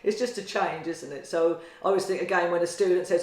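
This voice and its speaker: Deep-voiced Norfolk woman in an echoey room. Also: steady tone, fast talker. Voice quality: very deep, booming voice. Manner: chatty storyteller, trails off quietly at ends of phrases. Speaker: podcast co-host, tarot reader and meditation teacher. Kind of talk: casual chat. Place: kitchen table at home.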